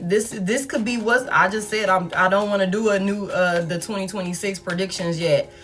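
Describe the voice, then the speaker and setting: A woman's voice: on the high side, fairly bright tone. A woman doing a casual tarot reading to camera, chatty and swearing freely as she talks straight to her viewers. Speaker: tarot reader. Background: faint background music.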